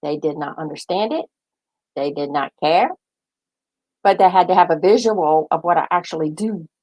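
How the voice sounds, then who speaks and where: An older woman hosts a casual chat, speaking at a normal pace in a fairly low, slightly mellow voice. She chattily tells family stories, laughs frequently, and acts out her relatives' lines. The audio is poor.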